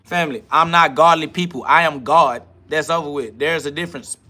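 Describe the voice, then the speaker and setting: A man hosts a livestream rant. His voice sits a bit high and sounds tense and forceful, and he talks in a confrontational, preachy way, full of profanity. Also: a little fast. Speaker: podcast host. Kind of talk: livestream self-talk rant.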